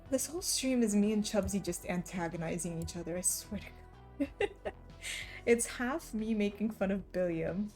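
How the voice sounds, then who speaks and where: A woman's voice: mid-range voice, animated, moderate pace, darkish tone. A young woman chatting casually on a live stream, answering her chat and laughing often between remarks. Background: faint background music.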